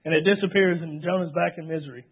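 A man's voice: a little high, steady tone, quick pace, husky. A man preaching a sermon, retelling scripture in a storytelling way. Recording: tinny phone-like sound.

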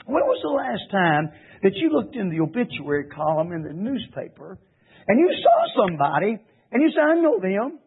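High-voiced, husky man preaching. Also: huge pitch swings, normal speed. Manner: impassioned, rhetorical questioning. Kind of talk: sermon. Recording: tinny phone-like radio broadcast.

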